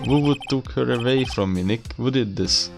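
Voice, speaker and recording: A man's voice: medium pitch, moderate pace, vocal fry, over music, pitched above the performer's own voice, natural voice. A man voicing a distraught young male defendant, wailing and overwrought. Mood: despairing.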